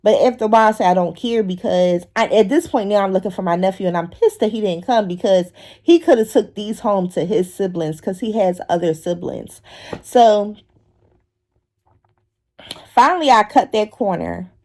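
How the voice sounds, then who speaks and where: A woman vlogger telling a funny story casually, animated and swearing, acting out voices as she goes. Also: mid-range voice, moderate pace. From Philadelphia. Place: outdoors in public.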